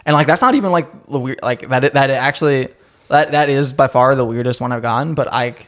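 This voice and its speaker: A man's voice: medium pitch, fast, a bit bright. Rambling young man telling stories. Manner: rambling storytelling with frequent fillers. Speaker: podcast co-host. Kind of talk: casual chat.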